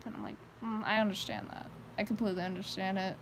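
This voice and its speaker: A woman's voice: medium pitch, fast talker, few pauses, a little hiss or hum, rough recording. A teenage girl chatting casually on a live stream, rambling with many fillers and frequent giggles. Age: teens. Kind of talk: casual chat.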